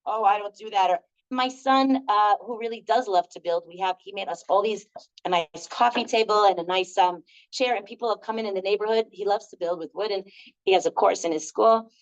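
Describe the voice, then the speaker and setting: A middle-aged workshop leader speaks at a medium pitch and a fairly quick pace. She tells stories to a live group in a chatty, filler-heavy way, and the recording sounds dull and lo-fi.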